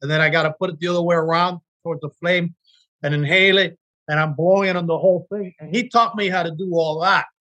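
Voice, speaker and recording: A man's voice: fairly high pitch, steady tone, quick pace, sharp tone, muffled recording. A man, an actor, telling earnest, emotional stories from his work in a casual interview chat. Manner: earnest, emotional storytelling with restarts. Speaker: actor guest.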